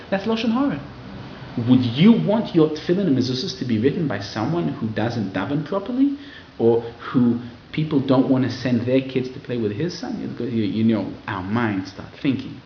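A man giving a lively Torah class to a live audience, acting out quoted people in raised voices. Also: medium pitch, moderate pace, a little hiss or hum. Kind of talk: lively sermon-style Torah lecture. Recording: roomy, slightly dull hall recording.

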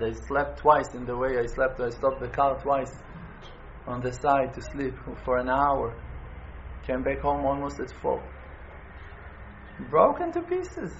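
A man giving an impassioned appeal, pleading, repeating his phrases and swinging between loud urging and quiet, near-tearful moments. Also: mid-range voice, little pitch movement, a little slow. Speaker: community speaker making an appeal. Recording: dull lo-fi with faint noise.

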